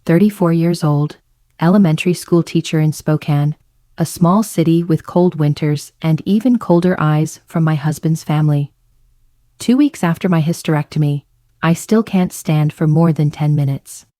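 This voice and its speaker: A woman narrating a first-person story in a calm, measured way. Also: deep voice, no room sound, clean studio sound.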